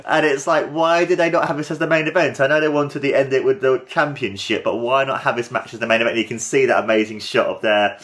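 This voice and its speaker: A young man hosting a casual watchalong, talking excitedly and rambling as he gushes over what he sees. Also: lowish voice. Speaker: podcast host.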